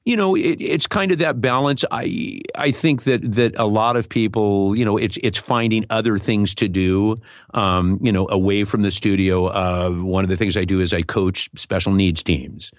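Joking, rambling man with a low voice. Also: normal speed, dry recording, clean studio sound. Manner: joking, rambling, many fillers. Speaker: voice actor guest. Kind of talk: casual interview chat.

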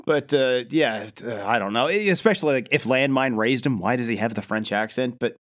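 Man, podcast co-host, wry and laid-back, middle pitch, casual talk. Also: moderate pace, a bit bright. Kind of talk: casual chat.

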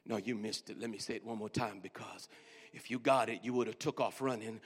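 A man in the pulpit, a pastor, preaching with call-and-response, fervent repetition, hushed whispers and rising shouts. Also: on the low side, steady tone, brisk, husky, long reverb tail. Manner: drops to hushed whispers for emphasis; fervent, repeats phrases. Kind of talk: sermon. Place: church sanctuary.

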